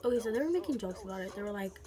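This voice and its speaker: A woman's voice: medium pitch, lively intonation, very fast, mellow, faint music behind. A young woman telling a story frankly and casually, full of slang and swearing. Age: young adult. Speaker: vlogger.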